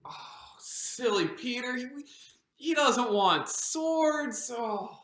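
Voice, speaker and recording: A woman's voice: on the high side, animated, drawn-out words, a bit bright, full character voice. A woman pastor performing a devotional monologue as a frightened disciple of Jesus, anxious and stammering with many restarts. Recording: roomy echo.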